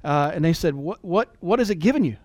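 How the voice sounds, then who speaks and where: A man in his forties giving an earnest, emotional motivational talk, at times dropping to a soft near-whisper. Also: fairly high pitch, lively intonation, fairly quick, no echo. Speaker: business leader and motivational speaker.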